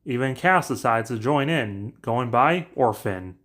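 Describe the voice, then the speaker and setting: A man with a mid-range voice talking through a story recap. His telling is casual, brisk and offhand, like someone chatting ideas to viewers. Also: mid-range voice, lively intonation, fairly bright tone. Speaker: narrator pitching story ideas. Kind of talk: casual plot recap narration.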